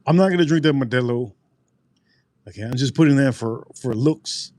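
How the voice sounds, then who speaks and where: Rambling, repetitive livestream host, dry sound. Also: male voice, mid-range voice, moderate pace, darkish tone, no echo. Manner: rambling, repeats phrases, talks straight to chat. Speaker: livestream host reviewing drinks. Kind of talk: casual live-stream chat.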